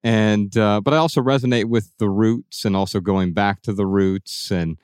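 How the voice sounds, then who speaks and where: Male host with a low, resonant voice, close and dry, reflective and soft-spoken. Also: normal speed, smooth, dry recording. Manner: thoughtful, musing, trailing off softly. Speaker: podcast host. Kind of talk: reflective interview talk.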